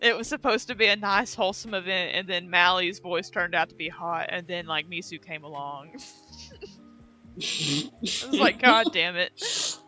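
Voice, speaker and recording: A woman's voice: on the low side, normal speed, pauses often, pushed and bright, soft background music. A young woman streamer chatting casually, slangy and laughing often. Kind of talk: casual chat.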